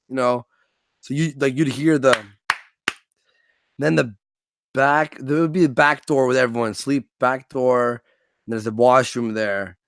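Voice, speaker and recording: This Canadian man has a mid-range voice and a dry, echo-free recording. Chatting casually on a stream, he's animated and profane, performing little scenes in funny voices.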